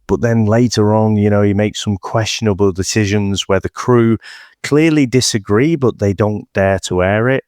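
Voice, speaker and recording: Deep-voiced rambling male podcast co-host. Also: moderate pace, darkish tone, smooth, dry recording, clean studio sound. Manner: rambling, many "you know" fillers and restarts. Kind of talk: casual film-podcast chat.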